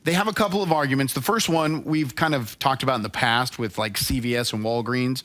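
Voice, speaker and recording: Bright-voiced man co-host. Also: medium pitch, fairly quick, dry recording. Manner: opinionated, explains news plainly. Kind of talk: casual chat, news commentary.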